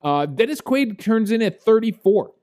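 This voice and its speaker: A man's voice: high-pitched, animated, moderate pace, a little mellow. A man co-hosting a podcast, chatting casually about a movie with lots of fillers and laughs. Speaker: podcast co-host. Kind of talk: casual movie review chat.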